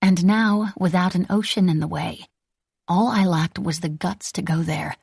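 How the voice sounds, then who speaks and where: A woman narrating a novel in the first person with a wry, measured delivery. Her voice is lowish and gravelly with a husky grain, recorded dry and close. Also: a little mellow, no echo. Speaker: audiobook narrator.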